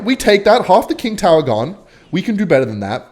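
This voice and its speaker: A young man telling a rambling, swear-filled story while commentating his own gameplay, with sudden excited outbursts. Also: fairly high pitch, quick pace. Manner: animated, swearing, bursts of excitement while playing. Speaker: gaming vlogger.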